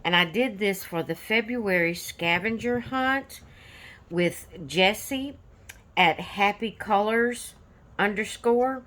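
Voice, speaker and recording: Host of a coloring channel, this woman speaks slowly in a mid-range, slightly bright voice. She chats in a relaxed, rambling way about her finished pages, with plenty of fillers.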